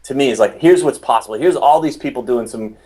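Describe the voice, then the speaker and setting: Rambling, animated man telling stories. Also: medium pitch, fast, breathy edge. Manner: rambling, animated storytelling with restarts. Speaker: podcast host, interview guest. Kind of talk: casual interview.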